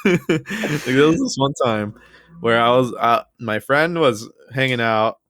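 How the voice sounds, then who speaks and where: A man's voice: lively intonation, takes it slowly, a bit bright, no room sound, clean studio sound. A young man co-hosting a podcast, telling loose, rambling stories in casual chat and swearing now and then. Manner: loose and rambling, swears, restarts, mimics his mom in a high voice. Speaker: podcast co-host.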